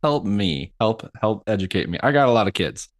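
A man's voice: fairly low pitch, lively intonation, brisk, no room sound, clean studio sound. A man interviewing a guest on a podcast, asking hedging, self-deprecating questions in a casual way. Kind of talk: casual chat.

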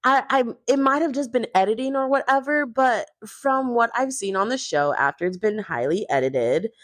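A woman's voice: on the high side, animated, moderate pace, dry recording, clean studio sound. A woman chatting in a gossipy way, recapping a reality show with lots of "like". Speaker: host.

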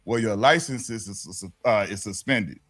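A man putting on the voice of a stern, suspicious male police officer, speaking slowly with halting pauses. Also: lowish voice, a bit bright, voice pushed down.

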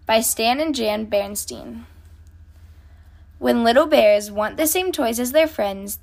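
A woman hosting a kids' story channel, reading a children's picture book aloud in a gentle, clear storytelling manner. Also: on the high side. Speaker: host, storybook reader.

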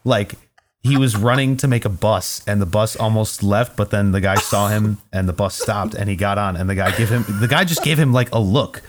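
A young man with a fairly low voice, trading casual banter on a podcast. He spins stories in a relaxed, teasing way and swears freely. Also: normal speed, noisy background. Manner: laid-back storyteller, teasing and profane. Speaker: podcast co-host.

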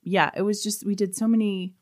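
A woman chatting casually as a podcast co-host, animated and swearing freely, recounting a trip. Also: medium pitch, fairly quick. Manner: animated, swears freely, mimics accents in quotes. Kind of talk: casual chat.

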